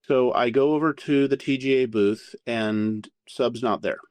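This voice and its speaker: Man, podcast guest, candid storytelling, profane, animated, mid-pitched voice, dry close sound. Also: a little slow, smooth, no echo. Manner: profane, animated anecdote-telling.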